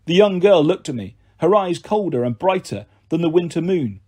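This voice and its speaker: Husky, expressive male audiobook narrator. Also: on the high side, normal speed, few pauses. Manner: expressive, dramatic delivery. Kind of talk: scripted first-person audiobook narration.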